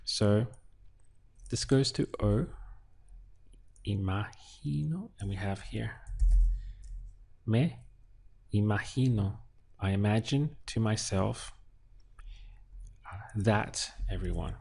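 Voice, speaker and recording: Male teacher, low pitched, husky, slow and methodical, thinks aloud, faint typing behind. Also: darkish tone. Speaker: Spanish teacher. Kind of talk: unhurried lesson walkthrough while writing.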